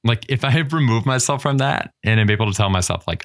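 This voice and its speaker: A man's voice: medium pitch, animated, quick pace, gravelly, few pauses. A man co-hosting a podcast in casual chat, blunt and wry, with casual swearing. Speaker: podcast co-host.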